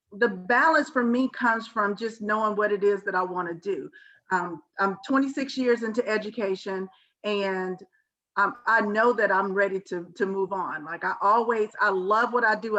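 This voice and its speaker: A woman speaking as a guest, friendly and often pausing on "um". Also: mid-range voice, fairly bright tone, dull audio. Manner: friendly, hesitant with um. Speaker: guest, vice principal. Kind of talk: casual chat.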